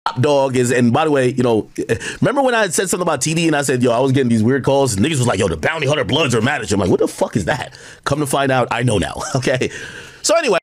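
A man's voice: mid-range voice, lively intonation, rapid-fire, no echo, studio quality. A man talking on his own stream in a casual, rambling way, explaining gossip with quoted asides. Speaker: internet commentator in a played clip.

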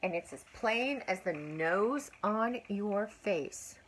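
An older woman voicing a gentle, solemn female fairy in a storybook, speaking softly and calmly. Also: a little high, slow, slight background noise, low-quality recording.

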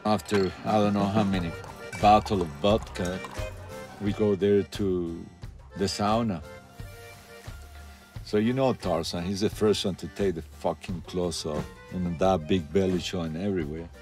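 A man with a Cuban accent recounts his past in a documentary interview, voice sitting low. He swears constantly and plays out the other people in his story. Soft music runs quietly behind him. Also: measured pace. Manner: profane, animated storyteller acting out quotes.

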